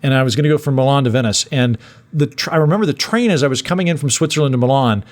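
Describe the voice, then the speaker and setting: A man's voice: mid-range voice, very fast. A man hosting a podcast, telling rambling comic stories in casual chat with lots of restarts. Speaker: podcast host.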